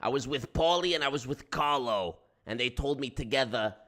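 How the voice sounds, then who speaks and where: A man's voice: mid-range voice, normal speed, a bit bright, natural voice. A man voicing a brash, profane middle-aged New York mobster who blusters, swears and repeats himself, in a put-on New York accent. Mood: indignant.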